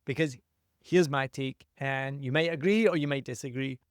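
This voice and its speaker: A man's voice: mid-range voice, normal speed, clean tone, dry recording, studio quality. A man hosting a solo podcast, giving direct, emphatic advice in a punchy, opinionated way. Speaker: podcast host and consultant.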